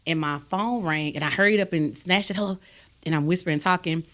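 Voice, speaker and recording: Woman hosting a podcast, low voice, emphatic and animated, keeps checking "you understand me". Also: fairly quick. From Texas, USA. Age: adult, raised a grown son. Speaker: podcast host. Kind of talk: candid storytelling in a conversation.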